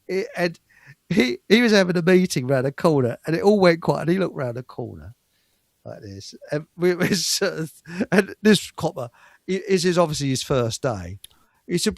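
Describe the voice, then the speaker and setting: A man's voice: on the high side, sing-song, normal speed, vocal fry, no echo. An older man, host of a live stream, telling stories in a rambling, stammering way and chuckling often. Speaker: show host. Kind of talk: casual storytelling on a live stream.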